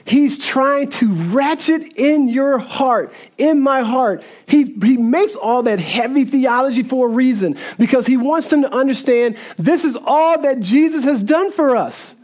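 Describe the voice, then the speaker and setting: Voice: high voice, expressive, a little slow, hardly any pauses, a little mellow. Earnest preacher repeating phrases. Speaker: pastor. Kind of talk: sermon.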